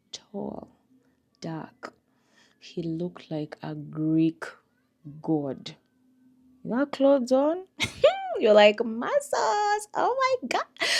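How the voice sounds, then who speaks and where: A woman's voice: on the low side, a little mellow. A young woman, chatting frankly to camera in a casual life-update vlog, laughing often and swinging from murmurs to squeals. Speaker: vlogger.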